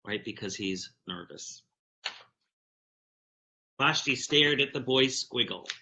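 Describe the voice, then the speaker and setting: Bright-voiced man giving a storytelling talk. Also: medium pitch, slow pace. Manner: animated, reads a picture book aloud to the audience. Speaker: keynote speaker.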